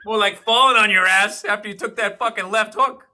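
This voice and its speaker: Sharp, wisecracking middle-aged man. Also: high voice, a little fast. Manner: dry, wisecracking, sarcastic asides. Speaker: comedian and podcast co-host. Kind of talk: casual podcast chat.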